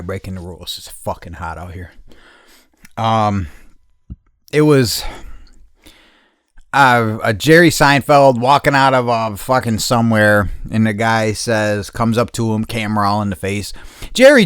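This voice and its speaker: A man's voice: fairly low pitch, measured pace, fairly bright tone, clean tone, dry recording, studio quality. A male podcast host talking outdoors in a casual, rambling rant, blunt and defiant, swearing freely. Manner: rambling with tangents and restarts. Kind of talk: casual ranting monologue. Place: outdoors in the heat.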